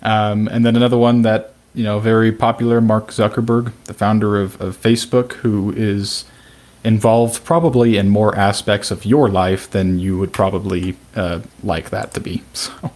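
A man co-hosting a podcast, talking in a relaxed, chatty way. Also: fairly low pitch, normal speed. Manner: relaxed, chatty, laughs along. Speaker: podcast co-host. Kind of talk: casual podcast discussion.

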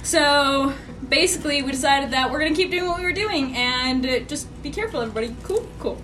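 A woman's voice: sits high, animated, brisk, a bit bright. Playful woman recapping a game session. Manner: playful, laughing, acts out characters. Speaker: player giving a recap. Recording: noisy background.

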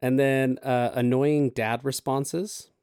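A father co-hosting a casual podcast, telling dad jokes in a relaxed way. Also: mid-range voice, slow, clean tone, no room sound, studio quality. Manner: dad-joke storyteller, laid-back. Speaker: podcast co-host.

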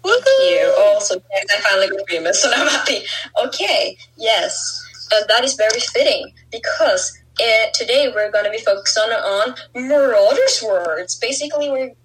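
A woman's voice: on the high side, animated, moderate pace, fairly bright tone, low-quality recording. A woman from Norway with a southern Norwegian accent, co-hosting a casual group podcast in a playful, giggly way. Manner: giggly, playful, trails off and restarts. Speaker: podcast co-host.

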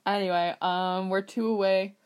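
A woman's voice: medium pitch, steady tone, normal speed, clean tone. A young woman co-hosting a podcast in casual chat, joking and sarcastic, swearing now and then. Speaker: podcast co-host.

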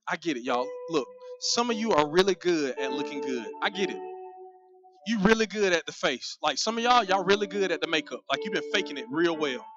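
A man who is a pastor, preaching a sermon in an animated, conversational way. He speaks straight to the congregation and does comic voices for the people in his stories. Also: fairly high pitch. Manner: conversational, addresses the congregation directly. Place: church sanctuary. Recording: dull, muffled sound with faint music.

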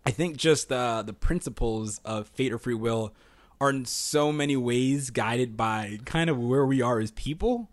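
A man co-hosting a casual podcast, excitable and quick to laugh as he thinks out loud. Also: medium pitch, no room sound. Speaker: podcast co-host.

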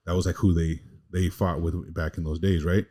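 Deep-voiced man telling a rambling story. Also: flat delivery, normal speed, dark tone. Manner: rambling, slangy storytelling full of "like" and "bro". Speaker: podcast co-host. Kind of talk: casual chat, storytelling.

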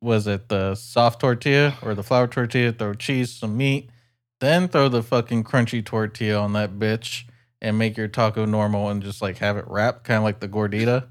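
A young man in a casual podcast, telling a story in an animated, profane way. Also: lowish voice, normal speed. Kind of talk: casual chat.

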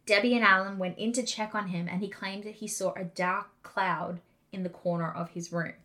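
A woman co-hosting a podcast, telling a haunting story in a casual, animated way with quick asides. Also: mid-range voice. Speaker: podcast co-host.

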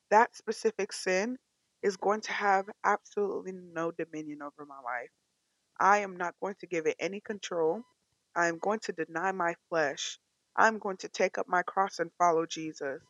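A young woman from California sharing an emotional, animated personal faith testimony. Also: lowish voice, dry recording, lo-fi sound. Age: young adult. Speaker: testimony speaker.

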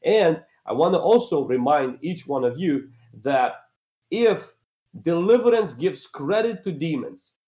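A man's voice: on the high side, expressive, unhurried, mellow, roomy sound. A male pastor speaking as a guest, building emphatic points in an earnest preaching style.

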